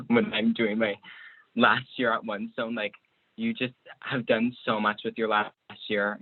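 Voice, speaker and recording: A young man, a student, giving a nervous, choked-up tribute to a friend on a video call. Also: lowish voice. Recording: tinny video call audio.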